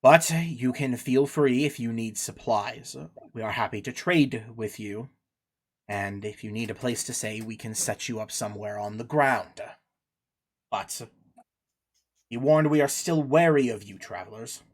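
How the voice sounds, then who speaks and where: A man voicing a guarded male tribal spokesman who speaks slowly with a weary sigh. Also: medium pitch, pitched below the performer's own voice, lightly acted. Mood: wary. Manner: slow, sighing, measured.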